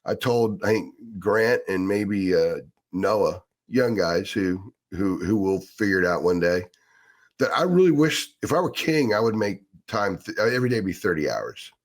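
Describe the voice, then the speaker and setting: A man's voice: fairly low pitch, lively intonation, normal speed. A middle-aged man co-hosting a casual sports podcast, talking with wry, nostalgic, grumbling humor. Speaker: sports reporter and co-host.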